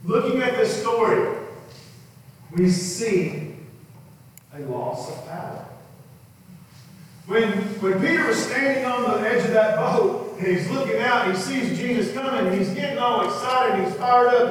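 A man's voice: extremely high pitch, unhurried, pauses often, slight background noise. Preacher man in an echoey hall. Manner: animated storytelling, acting out voices in quotes. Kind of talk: sermon. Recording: echoey hall, mic far off, faint ambience.

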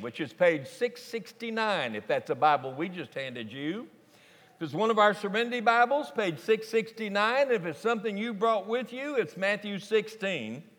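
A man preaching a folksy, animated sermon to a congregation in a large church sanctuary. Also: high voice. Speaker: pastor. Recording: long reverb of a large church hall.

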